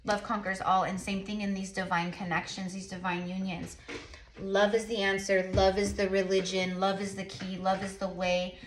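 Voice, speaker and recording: A woman's voice: mid-range voice, little pitch movement, normal speed, reverberant, slight background noise. A woman giving a casual spiritual tarot reading to her viewers, rambling with lots of fillers and repeated affirmations. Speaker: tarot reader and psychic.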